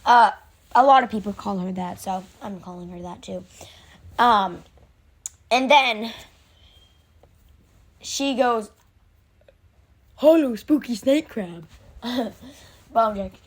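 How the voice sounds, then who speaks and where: A woman excitedly recapping an episode in a casual, rambling way, with many fillers and restarts. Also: medium pitch, slow, long pauses.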